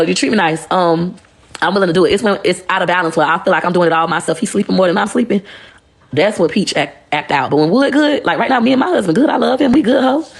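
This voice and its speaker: Blunt, profane woman with a gravelly voice. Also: on the low side. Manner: blunt, profane, animated storytelling. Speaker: livestreamer. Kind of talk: casual livestream monologue.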